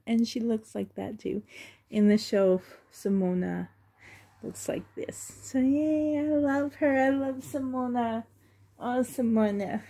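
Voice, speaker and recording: A woman's voice: a little high, dark tone. A woman vlogger gushing with delight as she unboxes and cuddles a doll, rambling and full of fillers. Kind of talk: excited unboxing vlog.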